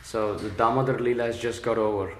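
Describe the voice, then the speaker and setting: A man teaching a religious class, retelling sacred stories and explaining their meaning with lively quoted lines. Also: on the low side, brisk, noisy background. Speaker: spiritual teacher. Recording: echoey room.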